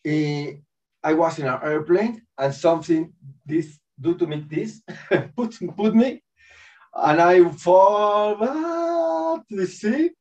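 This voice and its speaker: A man in his forties talks in broken English and acts out little scenes with great animation, laughing along the way. His pace is unhurried. The recording is dull and he sits well back from the mic. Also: on the high side, warm tone, recorded from a distance. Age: 40s. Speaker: speaker at a spiritual festival. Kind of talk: personal spiritual talk with acted-out scenes.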